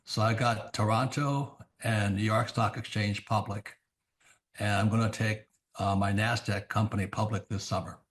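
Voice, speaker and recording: An older man, a guest author, telling blunt anecdotes in an interview and acting out quoted dialogue in quick bursts. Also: lowish voice, fairly even intonation. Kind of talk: storytelling in an interview.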